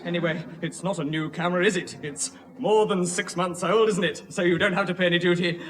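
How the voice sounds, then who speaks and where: Flustered, pleading customs officer. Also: male voice, high-pitched, fairly even intonation, brisk, fairly bright tone. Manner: pleading and wheedling, breaks into giggles. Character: flustered, timid male airport customs officer. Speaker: comedy sketch actor. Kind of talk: 1960s sketch comedy acting.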